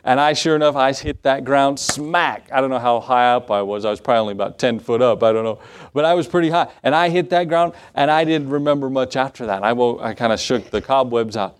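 A man's voice: fairly high pitch, a little fast, clear, resonant tone. Man preaching a folksy sermon. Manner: folksy storytelling with scripture reading. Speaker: pastor.

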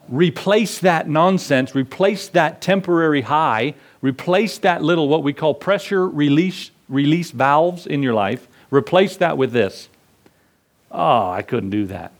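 A middle-aged male pastor preaching a sermon in a conversational way, acting out voices in his stories. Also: on the high side.

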